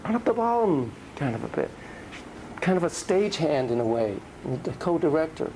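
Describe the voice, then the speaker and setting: A man's voice: on the high side, sing-song, normal speed, warm tone, a little hiss or hum, poor audio. A man giving a casual, joking lecture on child psychotherapy to a class, acting out dialogue in different voices.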